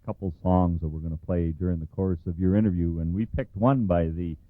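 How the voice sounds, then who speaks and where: A man hosting a radio interview in a relaxed way, with fillers. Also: low voice, fairly quick, no room sound. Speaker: radio host. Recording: tinny phone-like radio audio.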